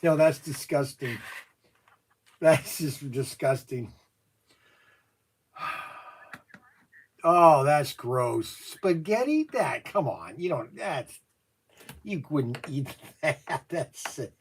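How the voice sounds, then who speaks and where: A man's voice: on the high side, lively intonation, extremely slow, long pauses, breathy edge. A man running a toy shop livestream, chatty and jokey while making a phone call.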